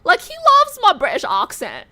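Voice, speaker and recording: A young woman streamer from New York talks to her chat in a high, bright voice that leaps up and down with lively swings. She rambles, restarts her sentences and breaks into laughter easily, keeping the whole thing loose and playful. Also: normal speed. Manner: animated, chatty, laughs often, rambles with restarts. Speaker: livestreamer. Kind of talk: casual livestream chat.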